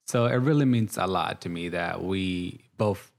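Man in his thirties, guest, English, chatty, lowish voice. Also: unhurried, gravelly. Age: 30s. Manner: chatty and warm, with many "like" fillers. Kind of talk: casual interview.

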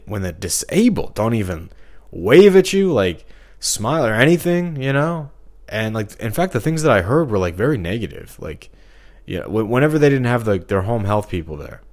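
A man talking alone in a rambling podcast monologue, full of fillers and restarts. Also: deep voice.

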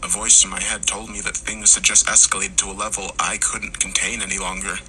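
A man narrating a horror story, acting out the characters' lines and rising to shouts in tense moments. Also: low-pitched, flat delivery, a little fast, slight background noise, poor audio. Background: music.

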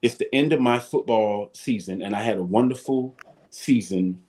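A man, telling casual stories as a guest, animated and salty-tongued. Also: lowish voice, moderate pace. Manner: animated, swears casually, acts out voices. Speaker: guest, former football player. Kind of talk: casual storytelling.

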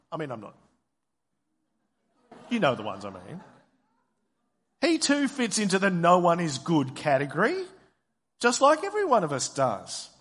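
A man delivers a sermon at an unhurried, measured pace, stretching out pauses for weight. His voice sits a little high for a man. The sound carries a long reverb, as if in a church hall. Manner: slow, deliberate preaching with dramatic pauses. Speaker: pastor.

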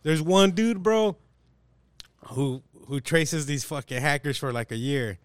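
Loud profane slangy man telling a story. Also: a little high, a little slow, smooth, no room sound, clean studio sound. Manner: animated, profane, slangy, acts out voices. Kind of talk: casual storytelling chat.

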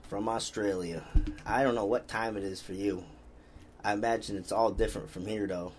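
Laid-back low-voiced man chatting. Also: fairly even intonation, moderate pace, soft background music. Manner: laid-back, rambling, reads out viewer comments. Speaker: podcast host. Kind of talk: casual chat.

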